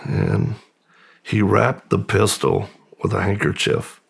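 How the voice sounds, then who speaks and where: Deep gravelly man telling his story. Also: very animated. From United States. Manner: slow, halting, subdued. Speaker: guest. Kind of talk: personal storytelling in interview.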